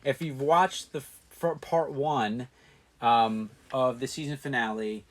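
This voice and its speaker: A man's voice: medium pitch, a little slow. A man co-hosting a casual live stream, joking and laughing often as he shows off a giveaway. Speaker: co-host.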